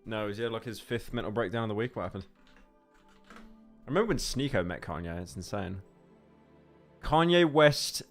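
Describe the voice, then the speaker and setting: Streaming live from his home setup, this man jokes and rambles into a desk microphone, often stammering and repeating words. His fairly low voice has lively intonation at a normal speed with frequent pauses, and the tone is sarcastic, casual livestream chat over faint game music.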